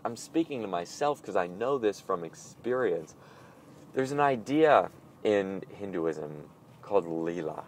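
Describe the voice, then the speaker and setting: A man with a lowish, somewhat dark voice records an audio blog, musing aloud in a playful, self-deprecating, meandering way. It's a casual spoken reflection, with a little background noise.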